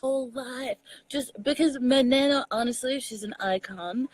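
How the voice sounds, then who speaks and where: A young adult woman from Texas with a Southern accent, chatting casually as a comedian guest, animated and laughing often. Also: high-pitched, normal speed, no echo, rough recording. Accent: Southern US, Texan. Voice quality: animated storyteller, laughs often, mixes in slang. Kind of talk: casual chat.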